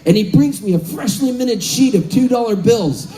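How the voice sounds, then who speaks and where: Animated, high-voiced man in his fifties. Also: moderate pace, a little hiss or hum, poor audio. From Southern California. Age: 50s. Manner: animated, laughing, calling out to the crowd. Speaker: musician. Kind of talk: onstage storytelling between songs. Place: live concert stage.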